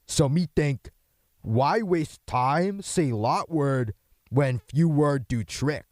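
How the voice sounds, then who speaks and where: A young man with a hoarse voice voicing a slow, dim middle-aged male office accountant, speaking in simple broken phrases. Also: a little high, a little mellow, no room sound, clean studio sound. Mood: dopey. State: hoarse from yelling. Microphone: microphone.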